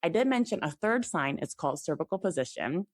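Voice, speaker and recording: Low-pitched chatty woman, podcast guest. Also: animated, fairly quick, dry recording, studio quality. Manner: chatty, fillers of "like", enthusiastic. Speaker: guest, fertility app CEO. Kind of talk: casual podcast interview.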